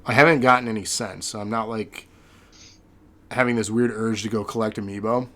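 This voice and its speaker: A man's voice: fairly low pitch, fairly even intonation, fairly quick, sharp tone. A man hosting a podcast, chatting casually in a rambling, sentimental way with many fillers. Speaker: podcast host.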